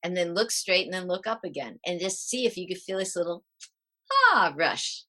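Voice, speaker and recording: A middle-aged woman, a parenting coach, explaining calming techniques as a podcast guest in a lively way and acting out the steps. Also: fairly low pitch, moderate pace. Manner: lively, demonstrating exercises as she explains.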